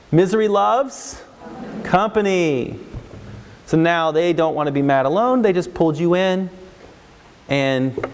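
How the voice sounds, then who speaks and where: With a little hiss or hum in the background, a middle-aged man gives a parenting workshop talk as a counselor before a live crowd in a large hall with long reverb. He has a fairly high voice and animatedly acts out parents and kids with raised voices.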